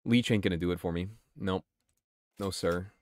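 A man with a low voice talks at a moderate pace over a dry recording. He's streaming a game, chatting casually and swearing as he answers his chat, offering relaxed gameplay commentary.

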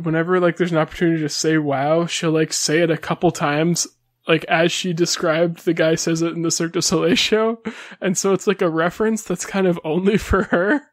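A man's voice: fairly high pitch, no echo, studio quality. A man co-hosting a podcast, telling a loose, rambling story in casual chat with lots of filler words. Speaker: podcast co-host.

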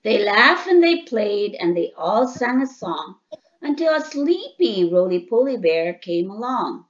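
A woman reading a children's storybook aloud to a child in a lively, emphatic way. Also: mid-range voice, unhurried. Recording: dull lo-fi sound.

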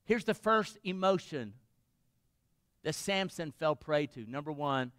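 A man's voice: on the high side, animated, a little slow, a bit bright, no room sound, studio quality. A man pastor preaching a sermon, retelling a story dramatically and asking the congregation questions.

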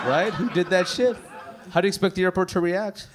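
Animated male stand-up comic. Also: sits high. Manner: animated, punchy delivery with rhetorical questions. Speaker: stand-up comedian. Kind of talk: stand-up comedy. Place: comedy club.

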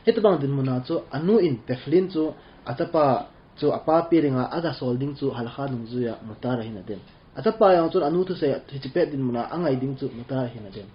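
A man interpreting a rabbi's class, talking quickly and trailing off at the ends of phrases. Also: mid-range voice. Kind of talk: rapid spoken translation. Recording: dull lo-fi sound with faint room noise.

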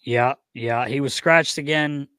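A man co-hosting a podcast in casual chat, teasing and lively, often repeating words as he talks. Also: mid-range voice, a little slow, clear, resonant tone, no room sound. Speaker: podcast co-host.

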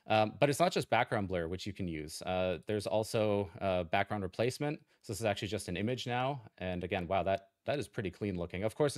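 A man's voice: fairly low pitch, no room sound, clean studio sound. A man presenting a product on a livestream, upbeat and conversational, with a desk mic on an arm. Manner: upbeat, conversational, many fillers.

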